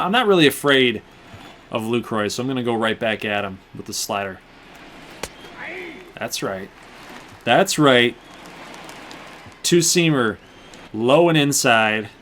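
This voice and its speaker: A young man gives casual, running play-by-play as he plays a video game, chatting freely with his viewers. His pitch sits in an ordinary middle range, and a faint hiss runs under the voice. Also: fairly bright tone. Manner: chatty play-by-play, talking to viewers while playing. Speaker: gaming channel host. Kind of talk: casual gameplay commentary.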